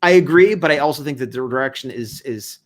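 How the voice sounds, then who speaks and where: A man's voice: mid-range voice, expressive, quick pace. A man hosting a casual review discussion, rambling and reasoning aloud. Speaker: host.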